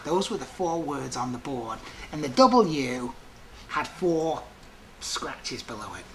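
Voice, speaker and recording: A man working as a prison guard, telling stories from the job in a restless, animated way full of asides. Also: mid-range voice, slow pace, slight background noise. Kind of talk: storytelling monologue.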